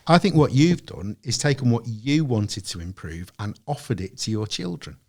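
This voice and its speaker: Guy guesting on a podcast, dry teasing, mid-pitched everyday voice. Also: big pitch swings, moderate pace. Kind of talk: casual banter among friends.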